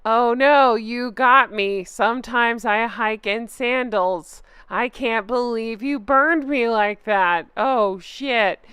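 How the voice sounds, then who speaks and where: A woman's voice: a little high, takes it slowly, few pauses, fairly bright tone, smooth, no echo, clean studio sound. A woman hosting her own online channel, reading comments aloud in a casual, sarcastic way and laughing often. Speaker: YouTube commentary host.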